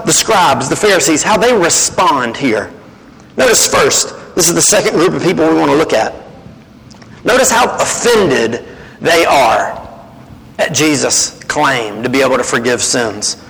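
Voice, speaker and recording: A man's voice: high-pitched, a little slow, long reverb tail, low-quality recording. A man preaching as a guest speaker, acting out the voices he quotes. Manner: animated, acts out quoted voices. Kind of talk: sermon.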